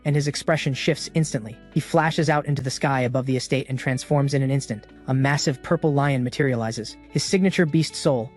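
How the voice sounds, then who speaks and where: A man giving dramatic, energetic scripted narration as a comic recap narrator. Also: mid-range voice, brisk, few pauses. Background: music.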